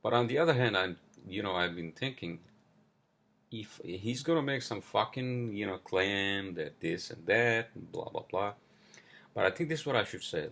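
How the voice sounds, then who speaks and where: A man's voice: on the low side, lively intonation, moderate pace, vocal fry, a bit bright. A man hosting a solo podcast, venting in a casual, profane, frustrated rant. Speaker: podcast host.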